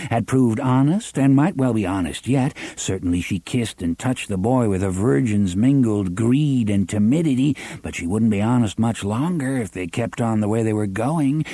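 A man reading a novel aloud as an audiobook narrator, measured and unhurried, sometimes dropping to a soft half-whisper. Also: fairly low pitch, breathy edge, no echo. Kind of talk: scripted narration.

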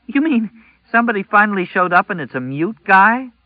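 A brash, needy young teenage girl, put on by a male narrator in an audiobook. The voice sits high and drawls, with a breathy edge. The recording is dry and slightly dull. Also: big pitch swings, brisk, dry recording. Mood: startled.

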